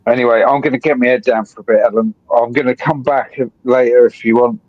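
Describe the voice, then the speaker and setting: A man, calling into a live stream and rambling excitably with plenty of swearing. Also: mid-range voice, fast talker, dry recording. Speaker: guest caller on a live stream. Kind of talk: rambling casual chat. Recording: dull dry call audio.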